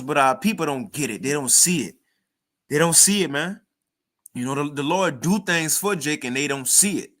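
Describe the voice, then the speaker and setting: Man, casual sermon, slangy conversational preaching, scripture reading, slightly high voice. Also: a bit bright. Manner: conversational, reads scripture aloud.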